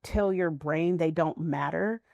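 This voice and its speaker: Woman guest, candid and reflective, lower pitch with gravelly texture. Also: measured pace, a little mellow, no echo, highs cut off. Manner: frank, reflective storytelling. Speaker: interview guest, mother. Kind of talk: candid conversational interview.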